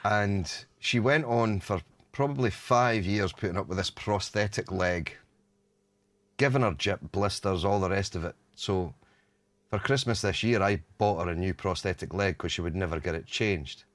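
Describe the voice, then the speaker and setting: A man telling a story in casual chat, with a deadpan setup and a lively punchline. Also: low voice, moderate pace, dry recording.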